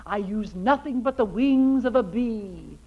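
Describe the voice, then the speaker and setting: A vain, coquettish wife fires off prim, barbed comebacks in a high, sing-song voice. The muffled sound of a 1940s radio broadcast carries a faint hiss. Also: female voice, lively intonation, unhurried. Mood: prim teasing. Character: vain, plump, sharp-tongued middle-aged wife. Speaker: comic foil. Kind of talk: 1940s radio comedy acting.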